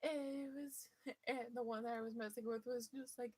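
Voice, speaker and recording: A woman telling a personal story to her viewers in a lively, playful, mischievous way. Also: fairly high pitch, moderate pace, husky, poor audio. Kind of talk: casual storytelling.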